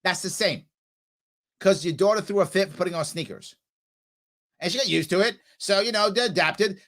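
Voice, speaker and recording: A New York man hosts a live political commentary show, reacting with indignant sarcasm to a clip and reading viewer comments. His voice sits high, pushed and bright, at a fairly quick pace.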